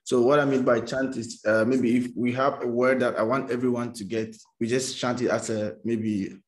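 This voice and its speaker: A man's voice: mid-range voice, fairly even intonation, normal speed. Hesitant man teacher explaining his methods. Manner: hesitant, many "uh" fillers. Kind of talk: sharing classroom experience in a discussion.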